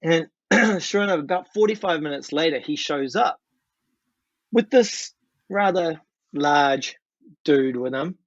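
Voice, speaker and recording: Animated New Zealand man telling a story. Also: a little high, unhurried, long pauses, no room sound. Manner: lively, animated storytelling with swearing. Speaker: guest musician. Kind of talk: casual storytelling. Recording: dry, dull lo-fi sound.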